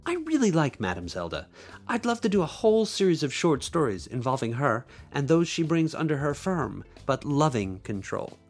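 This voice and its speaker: Male podcaster reading his own fiction, expressive, slightly high voice, faint music under him. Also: moderate pace, slightly rough. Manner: expressive storytelling, playful asides. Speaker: podcast host and author. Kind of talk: reading his own short story aloud.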